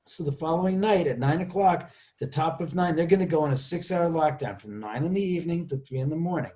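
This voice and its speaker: A man telling a story as a podcast guest, animated and acting out the voices he quotes, often restarting and correcting himself. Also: a little high, quick pace. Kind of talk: storytelling interview.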